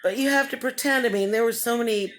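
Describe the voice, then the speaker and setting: A woman's voice: a little high, fast talker, a little hiss or hum. A woman giving a casual vlog update, telling a story in a rambling, chatty way, often laughing and acting out what others said. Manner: acts out other people's lines in the story. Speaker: vlogger.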